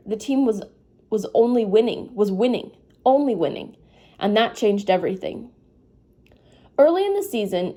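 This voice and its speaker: A woman's voice: mid-range voice, warm tone. A sleepy woman reading a novel aloud in a casual, informal way, stopping now and then to comment. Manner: informal, breaks off to apologize and comment. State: sleepy, yawning. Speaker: reader.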